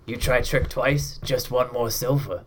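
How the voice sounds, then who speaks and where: A man voicing a large, dim-witted male half-orc bartender who talks in slow, broken phrases. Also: mid-range voice, steady tone, a little hiss or hum, natural voice. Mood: threatening. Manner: broken grammar, slow clipped words.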